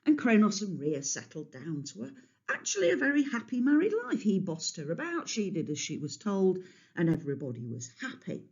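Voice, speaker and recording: A woman telling a myth to children in a lively, chatty way, stopping to explain words, on a dull lo-fi recording. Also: medium pitch, a little fast, husky. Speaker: storyteller. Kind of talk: storytelling to children.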